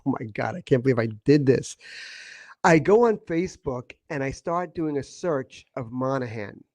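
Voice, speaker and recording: A middle-aged man telling a personal story in a casual podcast chat, emotional and halting, often repeating his words. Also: medium pitch, animated, a little mellow, no room sound. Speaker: guest.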